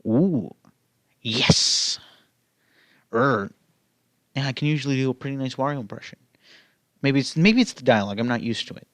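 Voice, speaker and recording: A man's voice: medium pitch, expressive, moderate pace, long pauses, fairly bright tone, no room sound. A man casually reading fan fiction aloud, rambling into asides full of "you know". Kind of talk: casual read-aloud with commentary.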